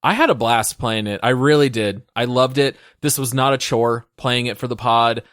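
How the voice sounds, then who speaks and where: A man's voice: mid-range voice, moderate pace, fairly bright tone, clear, resonant tone, no room sound. Enthusiastic male co-host, dry close sound. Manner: earnest, enthusiastic, wry. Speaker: podcast co-host. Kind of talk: casual podcast chat.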